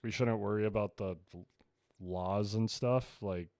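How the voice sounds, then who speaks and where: A man's voice: fairly low pitch, fairly even intonation, unhurried, a little mellow. A young man co-hosting a casual podcast, laid-back and dry as he steers the conversation. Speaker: podcast co-host. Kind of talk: casual chat.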